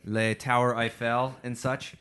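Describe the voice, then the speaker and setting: A man co-hosting a podcast in casual chat. His remarks are dry and low-key. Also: flat delivery, measured pace, a bit bright, clear, resonant tone. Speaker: podcast co-host.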